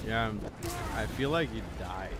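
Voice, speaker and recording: Animated, swearing man from Wisconsin. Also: on the low side, moderate pace, background noise. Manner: animated, profane, rambling. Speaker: streamer. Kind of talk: casual chat.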